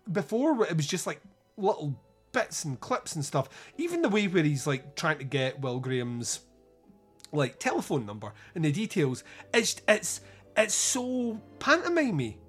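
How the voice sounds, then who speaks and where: A man's voice: fairly high pitch, big pitch swings, unhurried, fairly bright tone, husky, soft background music. A man co-hosting a podcast, chatting casually about films, rambling and swearing with many restarts. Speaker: podcast co-host. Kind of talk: casual film review chat.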